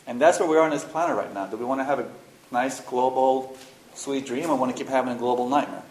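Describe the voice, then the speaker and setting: A man leads a spiritual workshop, speaking fast in a mid-range voice. He's frank, animated, and casual, mixing in slang and the occasional curse word. The recording has a roomy echo and faint background noise.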